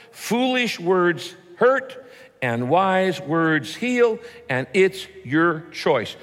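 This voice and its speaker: Animated pastor preaching in a hall. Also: male voice, on the high side. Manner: punchy rhymes and mock quotes, animated. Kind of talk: sermon.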